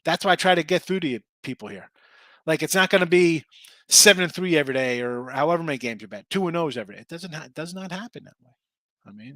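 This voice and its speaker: A man hosting a sports betting stream in a casual, rambling way, reading out picks and records and talking back to his chat. His voice is bright and forceful and sits a little high. The sound is dry and close, with no room echo. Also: expressive, fast talker. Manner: rambling, reads out picks and chat names, restarts often. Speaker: sports betting show host.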